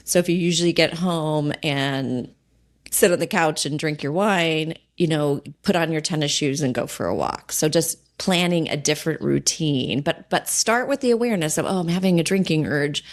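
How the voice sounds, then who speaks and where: A woman podcast host and sobriety coach, talking gently and reassuringly in a conversational way, sometimes acting out inner thoughts. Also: low-pitched, normal speed.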